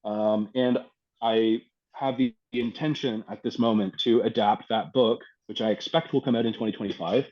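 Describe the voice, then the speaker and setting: A man from Canada, a poet and filmmaker, talking thoughtfully in an interview with frequent ums and pauses. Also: fairly low pitch, fairly even intonation, muffled recording. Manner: reflective, hesitant with many ums. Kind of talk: casual interview talk.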